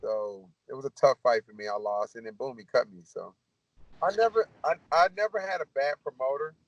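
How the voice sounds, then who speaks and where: A man, a former fighter, telling his career stories in a blunt, animated, profane way. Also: mid-range voice, brisk, no echo, highs cut off. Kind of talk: casual storytelling Q&A.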